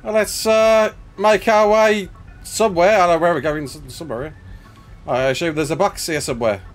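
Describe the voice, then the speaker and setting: A man's voice: sits high, fairly quick, soft background music. A man hosting a casual gaming session, playful and laughing, calling his co-player mate. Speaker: gaming video host.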